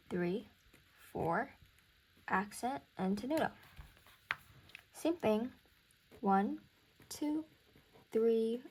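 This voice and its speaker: A woman's voice: mid-range voice, a little mellow. A young woman teaching music theory in a casual recorded lesson, thinking aloud and counting beats.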